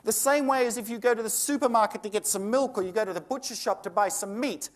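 A man's voice: high-pitched, fast talker. An Australian man giving a live seminar to an audience, combative and sarcastic, firing off rhetorical questions. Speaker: seminar presenter.

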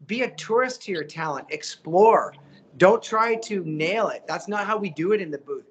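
Animated man, voice actor. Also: sits high, normal speed, a little hiss or hum. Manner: animated, motivational, voices quotes. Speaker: voice actor guest. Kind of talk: casual interview chat.

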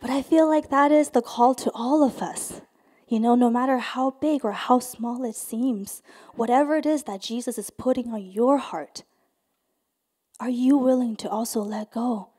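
A young adult woman pastor preaching a sermon, earnest and soft in prayerful passages, lively and loud when telling stories. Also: fairly high pitch, moderate pace, husky. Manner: storytelling, gets loud and animated in anecdotes.

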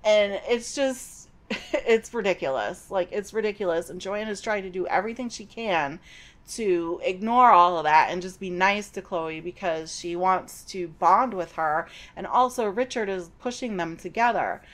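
A woman's voice: mid-range voice, normal speed. Chatty middle-aged woman recapping a book. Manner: chatty and digressive, with personal asides. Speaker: podcast host recapping a novel.

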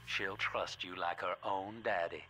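An actor playing a smooth-talking male guide who coaches the player in a fatherly way. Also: sits low, steady tone, unhurried, noisy background. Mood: coaxing.

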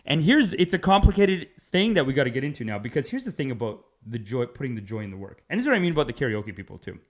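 A male comedian talks through a loose comedic monologue, hopping from point to point with animated, casual energy. His voice sits at an ordinary middle pitch, and he swears offhandedly as he riffs. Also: fast talker. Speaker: stand-up comedian.

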